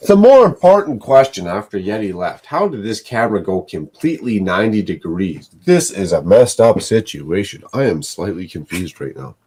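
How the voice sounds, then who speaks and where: A man's voice: lowish voice, very animated, moderate pace, a little mellow, slightly rough. A man live streaming from his home setup, rambling, swearing and talking to himself as he chats with his viewers. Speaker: live streamer building sets. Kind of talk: casual live-stream talk to chat.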